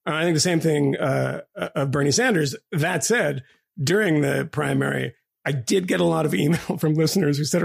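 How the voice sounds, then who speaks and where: Podcast co-host, male, rasp and fry in the voice, lively chatty delivery with laughs. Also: fairly high pitch, a little fast. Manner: animated storyteller, laughs often, many restarts. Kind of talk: casual podcast discussion.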